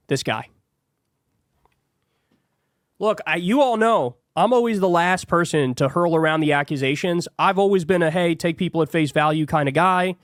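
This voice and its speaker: A man's voice: a little high, fairly quick, hardly any pauses, dry recording, clean studio sound. A man hosting a heated political commentary show, sarcastic and profane.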